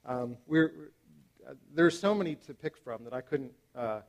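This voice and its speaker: A man in his thirties preaching to parents, animated and emphatic, with frequent fillers and restarts. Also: mid-range voice, measured pace. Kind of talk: sermon to parents.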